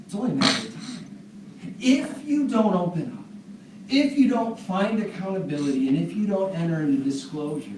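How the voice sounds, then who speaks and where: A man giving a live talk to an audience, speaking fast and earnestly, with animated storytelling. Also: fairly high pitch. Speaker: speaker at a parents' seminar. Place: large room with an audience. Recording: echoey room from a distance, noisy.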